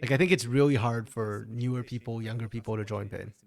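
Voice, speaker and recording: A man's voice: medium pitch, fairly quick, vocal fry. A man co-streaming an esports match, talking in a chatty, laid-back way and answering chat. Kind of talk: casual live-stream commentary.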